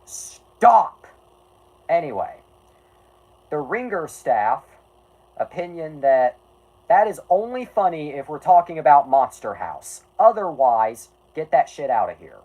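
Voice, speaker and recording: A lively streamer with a medium-pitched, slightly slow voice reads an article aloud to chat, captured in a low-quality recording. He's jokey, with sarcastic and self-deprecating asides, and he often stops mid-sentence and starts again with "anyway."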